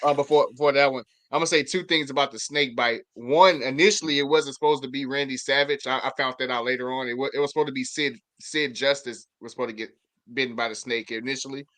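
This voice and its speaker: Earnest man, sharp mid-pitched voice. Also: steady tone, fast. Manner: earnest, with frequent restarts and filler words. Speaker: podcast co-host. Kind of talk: casual podcast chat.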